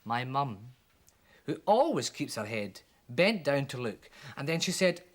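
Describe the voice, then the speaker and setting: A children's TV presenter reading a comic poem aloud for children with animated, dramatic delivery. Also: mid-range voice, a little slow, a little hiss or hum. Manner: animated, with voices for the characters.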